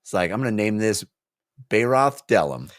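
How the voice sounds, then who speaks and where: Male co-host, lively swinging pitch, casual book chat, retells scenes with quick voices. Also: no echo, clean studio sound. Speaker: podcast co-host.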